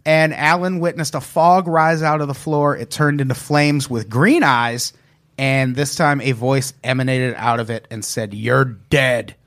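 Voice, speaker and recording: A man hosting a casual podcast, reading out spooky stories and joking with friends. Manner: storytelling with animated pitch, quick to laugh. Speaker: podcast host.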